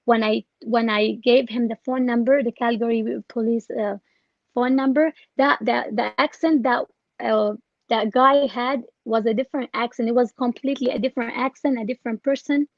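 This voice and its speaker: Woman, higher voice, hesitant, restarts, dull dry recording. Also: steady tone, moderate pace, no echo. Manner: hesitant, many restarts and fillers. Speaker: scam victim interviewee. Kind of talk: recounting her experience in an interview.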